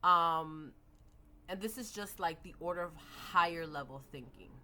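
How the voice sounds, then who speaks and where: A woman's voice: on the low side, unhurried, sharp tone, slight background noise. A young adult woman giving a methodical lesson on early reading, modeling classroom prompts for children. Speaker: teacher educator.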